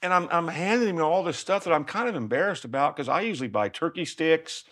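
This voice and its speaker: An older man telling a humorous personal story in an animated, self-deprecating, conversational way. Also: on the high side, fast.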